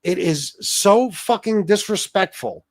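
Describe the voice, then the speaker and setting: A man's voice: sits high, takes it slowly, dry recording. A man hosting a livestream, ranting profanely and aggrieved at his viewers. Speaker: livestream host.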